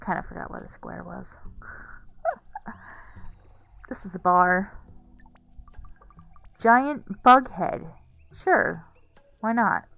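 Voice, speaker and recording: A woman's voice: mid-range voice, lively intonation, drawn-out words, vocal fry, pauses often, bright, forceful tone, faint music behind. A woman streaming a game, musing aloud in casual let's-play commentary.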